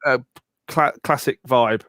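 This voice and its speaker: A middle-aged man co-hosting a live music Q&A stream, joking around and talking in quick bursts with restarts. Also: mid-range voice, fairly bright tone, no room sound, clean studio sound. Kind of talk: casual live-stream chat.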